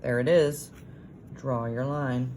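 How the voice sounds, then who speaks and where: Low-voiced lady teacher walking little kids through homework, slow sing-song sounding out, lots of praise, bit of hiss behind. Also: steady tone, warm tone. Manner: encouraging, praising. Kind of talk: recorded homework lesson for young children.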